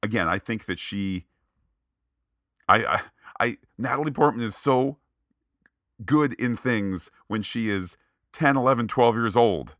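A man's voice: fairly low pitch, measured pace, pauses often, no echo, clean studio sound. A man co-hosting a movie podcast, chatting casually and acting out quoted lines. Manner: animated, acts out quoted lines. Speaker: podcast co-host. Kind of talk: casual movie review chat.

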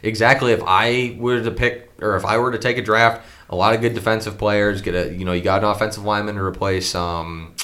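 A man's voice: fairly low pitch, steady tone, a little fast, hardly any pauses, fairly bright tone. A man co-hosting a podcast, rambling and joking through a casual sports chat. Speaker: podcast co-host.

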